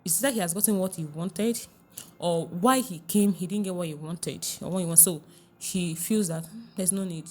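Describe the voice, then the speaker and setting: A woman relationship coach talks through her advice in a podcast interview, earnest and emphatic. Her voice sits a little low, and she repeats her key points for weight. She drops to a hushed tone when she quotes other people. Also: moderate pace.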